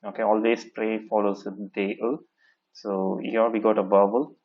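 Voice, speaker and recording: A man with a slightly low voice walks learners through a lesson, repeating every phrase and leaning on "okay" and "so". The sound is dull and lo-fi. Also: little pitch movement. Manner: explains slowly, repeats phrases, frequent "okay" and "so". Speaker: French teacher. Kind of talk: recorded classroom lesson. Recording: dull lo-fi recording.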